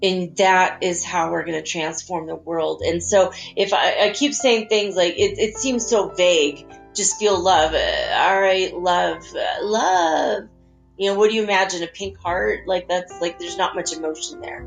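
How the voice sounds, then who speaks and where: A woman hosting a spiritual talk, chatting gently and guiding listeners through visualizations. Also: on the low side, normal speed, gravelly, few pauses. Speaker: spiritual channel host. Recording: faint guitar music behind.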